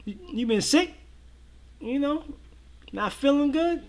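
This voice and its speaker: A high-voiced man chats easily with his viewers, full of slang and strings of yeah, yeah. His talk is loose and relaxed, the style of a casual livestream co-host. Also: takes it slowly. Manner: laid-back, slangy, many repeated fillers. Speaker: co-host of a reaction show.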